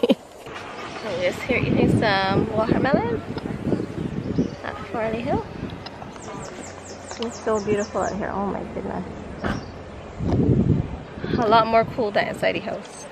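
A woman's voice: mid-range voice, slow, creaky, long pauses. A woman vlogging at an outdoor park, chatting playfully with her toddler in a coaxing, sing-song way. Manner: playful, coaxing baby talk with a lively sing-song lilt. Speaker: vlogger and mother. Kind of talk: casual vlog talk to her toddler. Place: outdoor park and wildlife reserve. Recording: noisy outdoor ambience. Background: outdoor ambience and animals.

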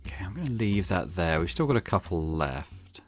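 A man's voice: sits low, big pitch swings, moderate pace, soft background music. A man hosting a let's play, reading a detective visual novel aloud with casual asides.

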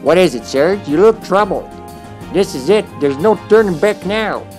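An earnest young man from a role-playing game, voiced by a streamer, delivering his lines with drama. The voice sits a little high. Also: animated, normal speed, over music.

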